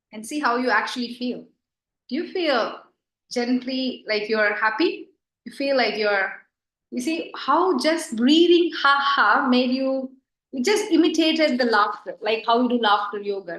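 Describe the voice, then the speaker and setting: Bright-voiced woman leading a breathing class. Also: sits high, unhurried, roomy sound, rough recording. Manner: counting aloud and coaxing participants with bursts of energetic breath sounds; calm, reflective talk about breath and emotion. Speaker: yoga and breathing instructor. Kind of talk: live online pranayama class.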